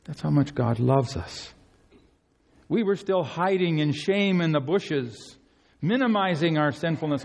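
A man preaching a sermon in an earnest, pleading way, swinging between soaring emphasis and hushed tenderness. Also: on the high side, animated, measured pace, vocal fry.

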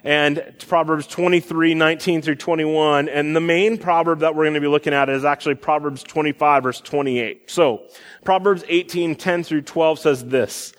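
A man's voice: a little high, fairly even intonation, moderate pace. A young man in his twenties or thirties preaching a sermon, talking conversationally with fillers and restarts. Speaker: pastor. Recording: long hall reverb.

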